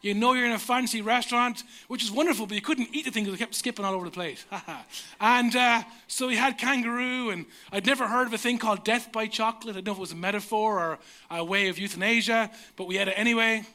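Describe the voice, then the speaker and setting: High-voiced Irish pastor telling jokes. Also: male voice, fast, sharp tone. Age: 30s. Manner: self-mocking, humorous storyteller. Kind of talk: sermon with personal stories.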